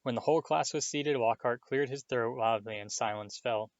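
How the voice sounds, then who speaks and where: A man reading a novel aloud in a steady storytelling manner, with small slips. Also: medium pitch, moderate pace, no room sound. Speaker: audiobook reader. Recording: dull, dry lo-fi home recording.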